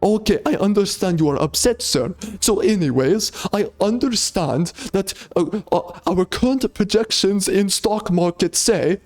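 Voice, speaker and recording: A man mimicking a male call-center agent who speaks halting, overly polite broken English in a mock Indian accent. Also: high-pitched, expressive, a little mellow, faint music behind. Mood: stammering polite.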